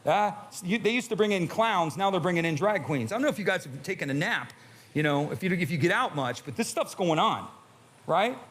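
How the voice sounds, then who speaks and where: High-voiced emphatic preaching pastor. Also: male voice, animated, fairly quick, fairly bright tone, slightly rough. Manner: emphatic, rhetorical questions to the congregation. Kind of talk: sermon. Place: church sanctuary with a live congregation.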